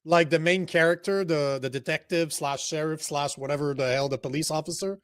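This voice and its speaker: Stream host, French-native man, emphatic and crude, slightly high pitch, dry mic. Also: steady tone, brisk, smooth, dry recording. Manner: profane, blunt and emphatic. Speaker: livestream host. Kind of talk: casual political chat.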